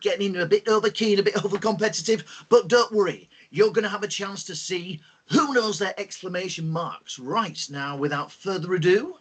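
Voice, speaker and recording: A man hosting an online lesson for school pupils, talking in a lively, expressive teacher's way with plenty of fillers. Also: sits high, moderate pace, few pauses, husky. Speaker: host.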